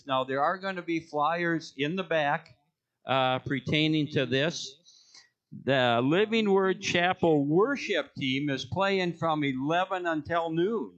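A man reads out the church notices from the front of a sanctuary, cracking jokes and wandering off track. His voice sits a little high and sounds bright and forceful. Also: highs cut off. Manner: joking, rambling, self-correcting. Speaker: church announcer. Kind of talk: casual church announcements.

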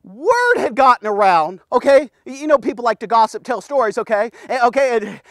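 A man giving a casual, energetic men's devotional, talking to the listener in punchy bursts and often checking in with "okay?". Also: extremely high pitch, fairly quick, few pauses, dry recording, clean studio sound. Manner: punchy, keeps asking "okay?", bursts of loud exclamations. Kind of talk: casual energetic Bible teaching.

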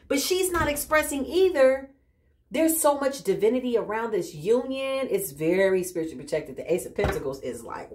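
A woman doing a casual spiritual tarot reading, animated and exclaiming often, with frequent laughs. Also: mid-range voice, normal speed, a little hiss or hum. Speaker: tarot reader.

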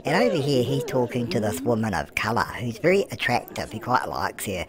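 A man's voice: mid-range voice, big pitch swings, a little fast, crowd noise, close to an everyday voice. A man voicing a chatty elderly grandmother who comments on a life-sim game, cooing "love" at everyone and answering her own questions. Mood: gossipy. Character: chatty elderly British grandmother, fussing and cheeky. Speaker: gameplay commentator. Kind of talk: comic let's-play commentary in character. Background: background music.

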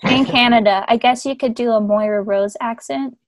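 A woman cracking quick sarcastic jokes in a casual chat over a video call. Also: fairly high pitch, a loud crowd. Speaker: co-host of a book roast.

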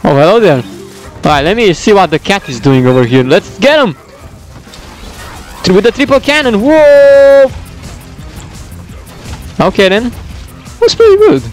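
A man giving excitable let's-play commentary, whooping and shouting at the game as he plays. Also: high voice, moderate pace, pauses often, soft background music. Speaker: gaming commentator.

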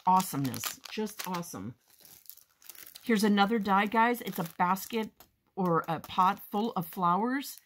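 A woman hosting a crafting haul video, chatting casually and gushing with excitement, often calling her viewers "guys". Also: medium pitch, unhurried. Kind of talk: casual show-and-tell haul chat.

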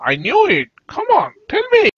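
A woman's voice: high-pitched, huge pitch swings, moderate pace, no echo, dull audio, full character voice. A woman voicing a jealous young male puppet husband in a comedy skit. He accuses his wife, then stammers and apologizes. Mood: accusing.

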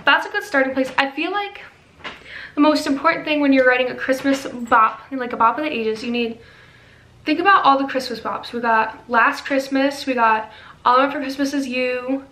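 A woman's voice: sits high, moderate pace, sharp tone, echoey room, rough recording. A young woman chatting in a casual vlog, bubbly and self-mocking, rambling with lots of fillers and sleepless late at night. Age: young adult. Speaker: vlogger. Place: bedroom, then a room with a piano.

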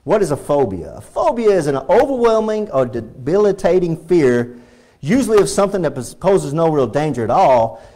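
A man with a Texan accent preaches in a church with an emphatic, storytelling delivery. His voice sits somewhat high and swings widely in pitch, breaking into shouted exclamations. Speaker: pastor. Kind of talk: sermon.

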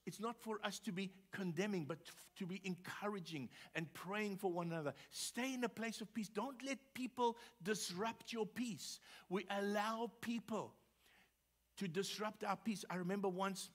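A man preaching a sermon as pastor, telling a personal story in a conversational way with frequent repeated words. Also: high-pitched. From South Africa.

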